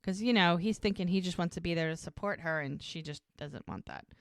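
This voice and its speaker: A woman with a lowish voice talks through a TV episode on her podcast, retelling each scene and quoting the characters' lines as she goes. The sound is close and dry, with no room around it. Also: fairly quick, no echo. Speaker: podcast co-host. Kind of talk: casual recap of a TV episode.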